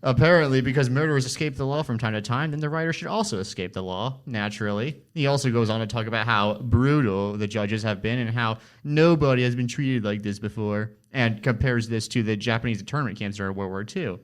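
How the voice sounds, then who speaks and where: A man's voice: lowish voice, fast talker. A teenage boy giving scripted, sarcastic and incredulous commentary for a school project podcast. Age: teens. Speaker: student co-presenter.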